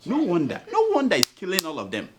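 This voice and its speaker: A man's voice: high voice, huge pitch swings, fast talker, a crowd in the background. A man with a Nigerian accent hosting a satirical news show, cracking jokes and laughing through his commentary.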